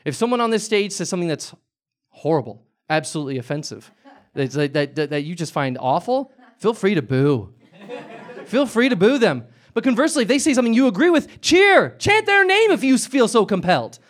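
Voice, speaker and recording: A man hosting a comedic talk show live on stage, rambling and halting with sudden eager bursts. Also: sits high, big pitch swings. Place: live stage before an audience.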